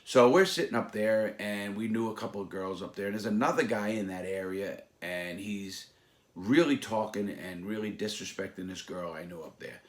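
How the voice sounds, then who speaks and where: A man telling stories from his past in a casual, animated way, acting out other people's voices with sudden loud outbursts. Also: lowish voice, moderate pace. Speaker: former mob associate telling stories. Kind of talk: casual storytelling.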